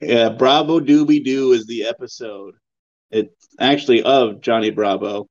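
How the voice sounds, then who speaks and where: A man's voice: mid-range voice, a little slow. A man guesting on a podcast who chimes in with short, dry remarks. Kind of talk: casual chat. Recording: dull lo-fi mic.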